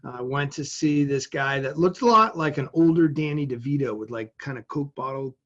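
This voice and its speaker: A man from Massachusetts, a podcast guest telling a personal story in a lively, vivid way. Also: medium pitch, moderate pace. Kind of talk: storytelling in an interview. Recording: dull lo-fi sound.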